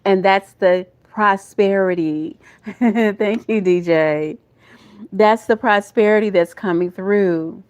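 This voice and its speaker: A woman's voice: mid-range voice, slow, smooth, highs cut off. A woman with a Southern US accent doing a live tarot reading. She talks to her viewers in a folksy, emotional way and calls them y'all and baby. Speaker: tarot reader.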